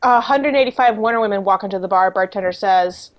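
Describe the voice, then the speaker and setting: A woman improv performer delivering a punchline in an excitable, playful way. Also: medium pitch, fast, dull audio.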